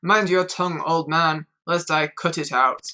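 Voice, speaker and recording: A woman's voice: low-pitched, steady tone, unhurried, pushed and bright. A woman with a northern English accent voicing a stern, threatening male guard officer from a game, reading in a menacing way. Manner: stern, menacing, reads game text aloud.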